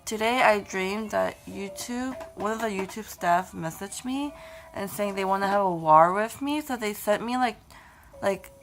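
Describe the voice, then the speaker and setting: A young woman vlogging at home on a handheld phone, chatting to her baby in a playful voice that jumps to high squeals, sounding dizzy and unwell. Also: a little slow. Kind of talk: casual home vlog talking to her baby. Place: home room indoors. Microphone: handheld phone camera.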